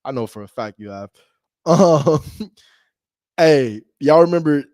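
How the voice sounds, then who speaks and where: A man's voice: a little high, expressive, unhurried, a little mellow, dry recording, clean studio sound. A young American man who wholesales real estate, chatting casually between cold calls, laid-back and slangy, laughing often and calling viewers "bro". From United States. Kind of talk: casual vlog talk between phone calls.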